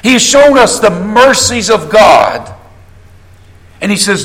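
A man's voice: sits high, very animated, slow pace, long pauses, a bit bright, roomy sound. A man with a Southern US accent preaching a sermon, earnest and building to emphasis when he reads scripture. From Southern United States. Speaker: pastor.

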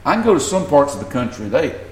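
Fast and very animated, a Southern pastor with a slightly high voice preaches earnestly, pushing harder whenever he reads from scripture. The room sound is noticeable.

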